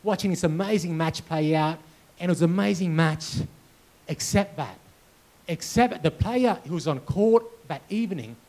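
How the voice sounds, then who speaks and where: Animated man telling a story. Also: on the high side, moderate pace. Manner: animated storyteller acting out dialogue and sound effects. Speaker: keynote speaker. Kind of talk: storytelling keynote speech. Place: conference hall with audience.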